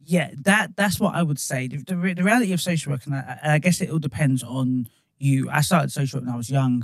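A man's voice: on the high side, a little fast, no room sound. A man, a social worker talking frankly and animatedly in casual conversation. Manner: frank, animated, slips into mock-stern voices when quoting himself.

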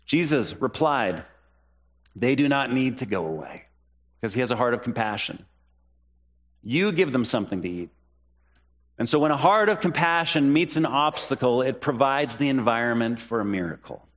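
Male pastor, sermon delivery, earnest, repeats lines, mid-pitched voice. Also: lively intonation, normal speed, fairly bright tone. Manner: earnest, repeats key phrases for emphasis; rises in pitch when voicing the disciples' questions.

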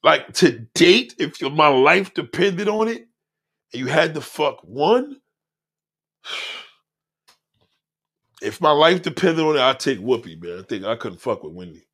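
A man hosting a livestream, reading chat comments aloud and mocking them in a loud, profane rant. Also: on the high side, unhurried, long pauses. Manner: loud, animated, heckling and mocking. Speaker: livestream host.

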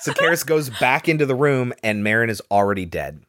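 A man's voice: mid-range voice, very animated, fairly quick, fairly bright tone, a little hiss or hum. A man casually retelling a film scene by scene, with loose fillers along the way. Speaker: podcast host recapping a film.

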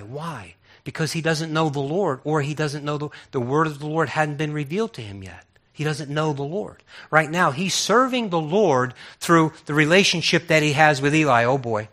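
A man preaching a sermon as a pastor, telling the story with lively acted-out voices and frequent repeated words. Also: fairly high pitch.

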